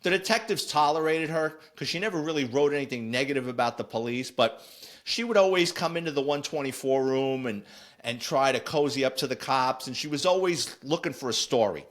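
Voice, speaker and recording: Blunt New ex-cop telling stories. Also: male voice, mid-range voice, a little fast. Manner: animated, blunt, acts out quoted voices. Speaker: former police officer, podcast host. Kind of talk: casual anecdote storytelling.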